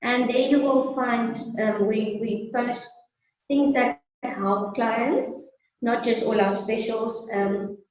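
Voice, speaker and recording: A woman's voice: on the high side, fairly even intonation, slow, darkish tone. A South African woman talking as a guest business owner in a friendly, casual interview, laughing often. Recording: echoey, distant, muffled sound.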